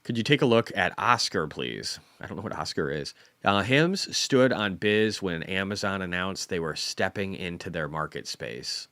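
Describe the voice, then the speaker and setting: A man's voice: sits low, expressive, moderate pace, a bit bright, dry recording. A man in his forties hosting a casual stock market livestream, rambling and self-deprecating, often repeating words. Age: 40s.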